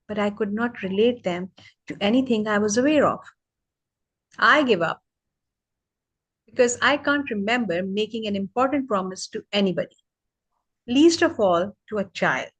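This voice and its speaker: Woman reading aloud at a brisk pace. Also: mid-range voice, slightly rough, rough recording. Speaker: reader on a live reading.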